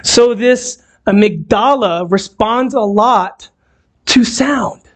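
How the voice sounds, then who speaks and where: A man's voice: high voice, slow. A man preaching a sermon in a church, talking to the congregation and putting questions to them. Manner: conversational, asks the audience questions. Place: church hall, also streamed on a video call.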